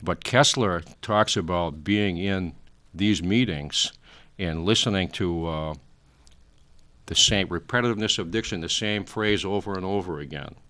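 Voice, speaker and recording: A man in his sixties, appearing as a talk show guest, lectures at length in a rambling way, using many fillers and trailing off. His voice is low, bright, and forceful, and he speaks unhurriedly.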